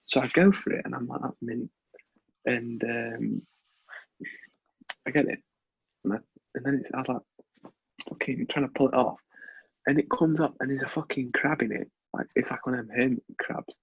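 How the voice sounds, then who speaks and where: A man's voice: mid-range voice, vocal fry, husky, muffled recording. A young man telling a holiday story in a laid-back, rambling podcast chat, swearing now and then. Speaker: podcast co-host.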